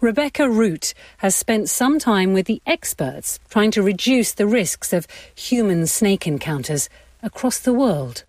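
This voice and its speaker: A woman presenter introducing reports on a radio programme, with clear announcing. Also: medium pitch, very animated, unhurried, a little mellow, no room sound. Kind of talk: scripted programme links.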